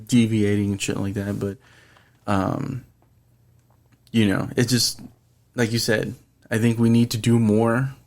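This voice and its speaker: A man hosting a podcast, talking earnestly and rambling in casual chat, swearing freely. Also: on the low side. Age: adult, past his twenties. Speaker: podcast host.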